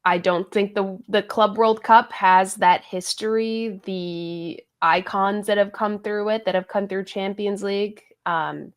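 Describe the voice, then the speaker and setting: A woman soccer analyst giving thoughtful, measured opinions in a casual panel chat, with frequent ums. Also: medium pitch, steady tone, clear, resonant tone.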